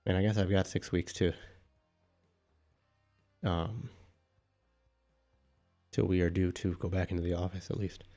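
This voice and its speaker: A man's voice: low voice, level tone, measured pace, long pauses, mellow, soft background music. Breathless, chatty man streaming. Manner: chatty, rambling, thinking aloud to chat. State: out of breath after pull-ups. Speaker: live streamer. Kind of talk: casual live-stream chat. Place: indoors at home.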